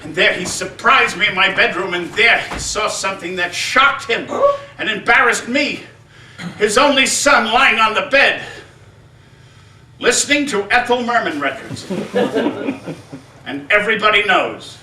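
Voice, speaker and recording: A man performing a theatrical one-man-show story on an Off-Broadway stage, with an excitable, gushing delivery. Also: high voice, a little slow, pauses often, distant mic, slight background noise. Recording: echoey theater, heard from afar.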